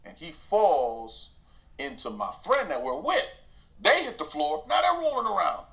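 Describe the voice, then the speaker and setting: Animated man telling a street story. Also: on the high side, measured pace. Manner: animated, acts out quotes, laughs while telling. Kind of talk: casual storytelling.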